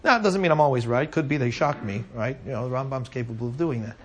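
A man's voice: medium pitch, fast, slight background noise. A man teaching a Torah class to a live audience, talking conversationally and often checking in with asides like "right?".

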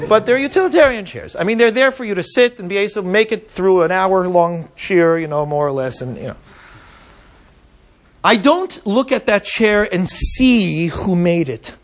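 A man's voice: high-pitched, sing-song, normal speed. Man teaching a Torah class. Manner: conversational, checks in with "right?" and side remarks. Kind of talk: lecture to a live audience.

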